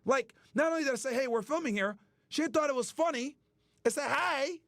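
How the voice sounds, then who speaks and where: A man's voice: very high voice, brisk, fairly bright tone, no room sound, studio quality. A man hosting a stream, delivering a heated, profane rant that mocks the people he talks about. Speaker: streamer host. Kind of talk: angry ranting commentary.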